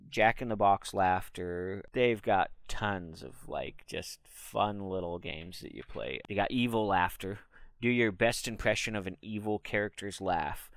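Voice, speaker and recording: Man, low and gravelly, casual rambling streamer, dry close sound. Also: no room sound. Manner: rambling, bursts into loud demonstration laughs. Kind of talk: casual solo talk on a livestream.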